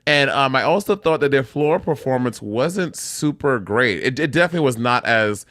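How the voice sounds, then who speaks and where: A man's voice: medium pitch, normal speed. A man co-hosting a casual chat, talking in a playful, sassy way. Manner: expressive, playful sass. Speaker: podcast co-host.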